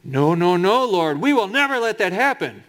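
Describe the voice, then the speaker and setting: A preacher putting on an overeager disciple. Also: male voice, sits high, sing-song, normal speed, fairly bright tone. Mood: protesting. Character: impulsive, eager male disciple blurting out.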